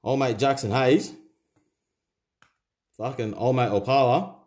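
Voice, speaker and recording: This medium-pitched, steady, slightly mellow voice belongs to a young Australian man hosting a card-opening video, and he takes his time. He curses constantly and rattles off player names in laid-back commentary.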